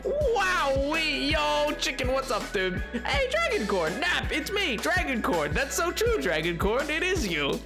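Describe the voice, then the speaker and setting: A livestream host with a high-pitched, sing-song voice chats casually with viewers at a measured pace, pausing little. She playfully greets people and reads chat aloud, laughing often and making mock exclamations. A music playlist plays faintly behind her.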